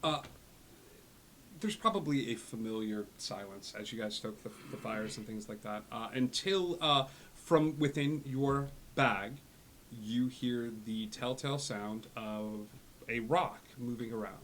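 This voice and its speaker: A man narrating a tabletop game as game master, slowly and with many fillers. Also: mid-range voice, a bit bright, slight background noise.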